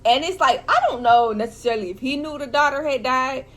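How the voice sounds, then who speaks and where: A young woman recapping a film in a casual vlog, talking in an animated, slangy, emotional way. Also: sits high, brisk. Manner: animated, slangy, emotional talk full of "like" and "bro". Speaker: vlogger reviewing a film.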